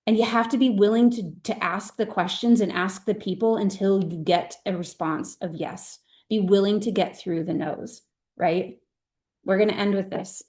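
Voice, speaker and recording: A woman's voice: on the low side, a little mellow. Earnest woman leading a motivational team call. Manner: earnest, emphatic and heartfelt. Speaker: direct-sales team leader. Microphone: video call.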